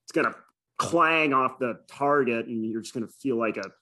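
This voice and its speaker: A man's voice: mid-range voice, normal speed, pushed and bright. A man co-hosting a podcast, telling stories in a rambling, casual way full of fillers. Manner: rambling, filler-heavy storytelling. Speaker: podcast co-host. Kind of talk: casual chat.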